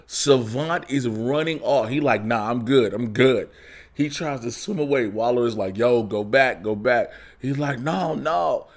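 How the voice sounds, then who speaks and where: Man, casual film review, animated retelling, acts out characters, mid-pitched voice. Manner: animated storytelling, acts out characters, frequent laughter and profanity.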